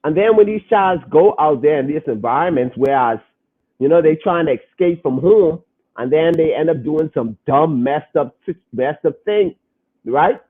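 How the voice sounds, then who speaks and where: Reading comments from viewers on his casual podcast live stream, a young adult man speaks earnestly and repeats phrases to stress his points. His slightly high voice is animated at a moderate pace, and the audio sounds lo-fi, like a phone.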